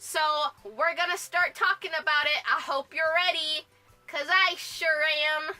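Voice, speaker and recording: A woman's voice: high voice, unhurried, bright, forceful tone, soft background music, rough recording. A woman presenting a casual book review vlog, bubbly and gushing, laughing often as she talks. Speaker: book vlogger.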